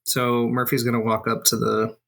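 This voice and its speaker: A woman's voice: a bass voice, level tone, normal speed, vocal fry. A woman playing a tabletop role-playing game, chatting casually and reassuringly, laughing often. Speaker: player.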